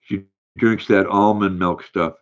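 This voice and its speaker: An older man, hosting a casual livestream, rambling and halting as he reads viewer comments aloud. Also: sits low, steady tone, highs cut off. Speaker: livestream host reading chat.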